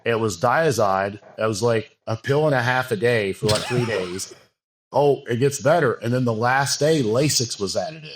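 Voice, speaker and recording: A man's voice: mid-range voice, normal speed. A man talking as a podcast guest, telling a frank, rambling story full of fillers and restarts. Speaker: podcast guest, bodybuilding coach. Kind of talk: casual interview talk.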